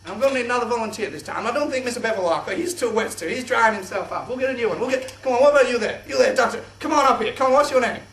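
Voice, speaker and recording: A young man presenting a kids' science show in an exaggerated, excitable host voice. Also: extremely high pitch, rapid-fire, hardly any pauses. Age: young adult. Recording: echoey room, distant mic.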